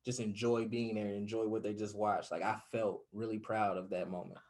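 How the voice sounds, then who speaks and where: A young man who is a podcast guest, telling his stories in a casual, excitable interview chat. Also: fairly low pitch, a little fast. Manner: animated storyteller, excitable.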